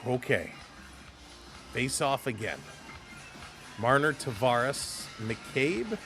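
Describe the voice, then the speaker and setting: A man hosting a live hockey watch-along, giving energetic play-by-play and a recap and laughing often. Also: medium pitch, extremely slow, over music.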